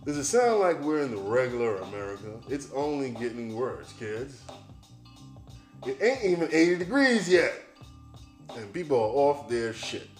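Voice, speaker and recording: A man's voice: mid-range voice, sing-song, normal speed. Brief: blunt male podcast host riffing on news, cursing freely, echoey room with light music. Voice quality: blunt, profane, sardonic. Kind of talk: ranting commentary on news headlines. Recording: roomy echo, faint music.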